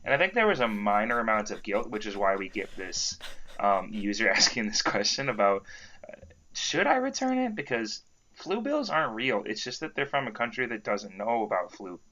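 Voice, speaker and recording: A man's voice: fairly low pitch, sing-song, normal speed, bright, forceful tone. A young man co-hosting a casual comedy podcast, trading dry, teasing banter. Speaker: podcast co-host. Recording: slightly dull lo-fi sound.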